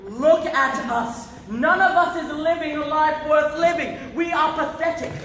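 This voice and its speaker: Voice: sits high, fairly even intonation, a little slow, fairly bright tone. A performer playing a drunk, morbid man who rants and curses. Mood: ranting. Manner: ranting, coarse. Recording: echoey hall, faint noise.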